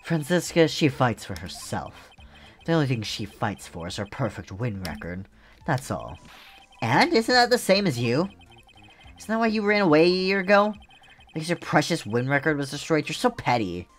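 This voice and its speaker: An earnest young lawyer torn by doubt, pleading and defensive in turn, as a man reads him. His pitch swings in a lively way, and soft game music hums underneath. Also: moderate pace. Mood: anguished. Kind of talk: reading game dialogue aloud.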